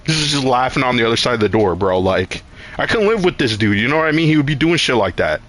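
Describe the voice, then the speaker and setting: A man's voice: mid-range voice, animated, quick pace, a bit bright. A young man streaming, telling a rambling, profane story in casual chat and acting out his own lines.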